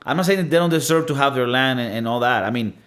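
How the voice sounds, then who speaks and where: A man's voice: mid-range voice, fast talker, a bit bright. Blunt, cussing man from Venezuela. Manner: blunt, profane, emphatic with lots of fillers. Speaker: podcast host. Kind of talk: casual monologue.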